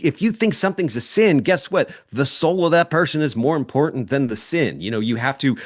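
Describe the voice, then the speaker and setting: A man of ordinary pitch holds forth as a podcast guest. He talks in a passionate, rambling way, circling back and restarting his sentences as his point builds. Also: animated, brisk, hardly any pauses. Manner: rambling, impassioned, restarts often.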